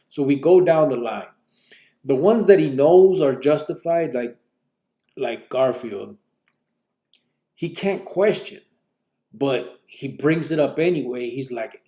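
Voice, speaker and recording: A middle-aged man, telling his own story to a live audience in relaxed street slang and quoting others in a raised voice. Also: medium pitch, normal speed. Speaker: channel host telling his life story.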